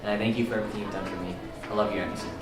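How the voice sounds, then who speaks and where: Young male student, earnest tribute, halting delivery; distant roomy recording. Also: sits low, fairly even intonation. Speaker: student thanking a teacher. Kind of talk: heartfelt tribute speech. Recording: roomy, distant, music behind.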